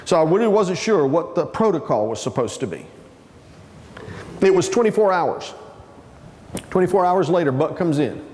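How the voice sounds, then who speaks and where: Animated storytelling man, high voice. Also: moderate pace, pauses often, slight background noise. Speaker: conference speaker. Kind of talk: humorous storytelling talk. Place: conference hall. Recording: reverberant conference hall.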